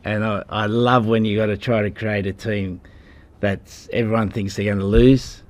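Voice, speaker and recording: Blunt low-voiced older coach. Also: male voice, flat delivery, moderate pace. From Australia. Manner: blunt, combative, calls people mate. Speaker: rugby head coach. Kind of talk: press conference answers. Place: press conference room.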